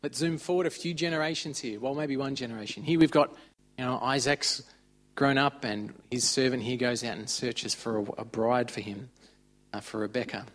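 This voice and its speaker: A man's voice: mid-range voice, normal speed. A man giving an informal, conversational sermon. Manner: conversational, chatty retelling of stories. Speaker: preacher.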